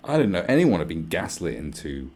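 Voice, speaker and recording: Gravelly, swearing man. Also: low-pitched, big pitch swings, a little fast, darkish tone, slight background noise. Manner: profane, exasperated, muttering to himself. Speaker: live stream host. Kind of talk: ranting live-stream commentary.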